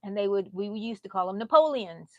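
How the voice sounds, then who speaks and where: A middle-aged Texan woman hosting a casual crochet livestream, chatty, laughing often and drifting into soft asides. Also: medium pitch, level tone, quick pace, no room sound, highs cut off. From Texas. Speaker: crochet channel host.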